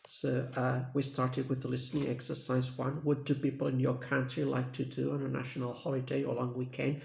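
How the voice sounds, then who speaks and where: Gravelly man recapping an English lesson. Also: medium pitch, monotone, fairly quick, a little hiss or hum. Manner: plain, patient classroom explaining. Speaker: English teacher. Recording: echoey room.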